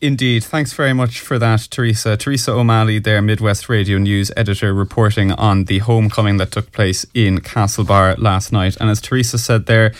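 An Irish man presents the radio news crisply and formally. His voice sits on the low side. The studio sound is dry and close. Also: fairly even intonation, brisk, hardly any pauses, dry recording. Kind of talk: news reading.

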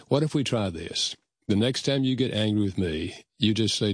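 A man's voice: fairly low pitch, brisk, no echo, studio quality. An older man, a guest, telling personal stories in an earnest, reflective way and acting out past conversations. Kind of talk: personal storytelling.

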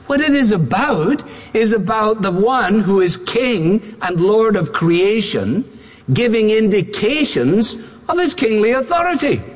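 Male preacher, high voice with lots of swing, emphatic and rhetorical, long hall echo. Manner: emphatic, rhetorical, builds repeated phrases. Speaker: pastor. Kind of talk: sermon.

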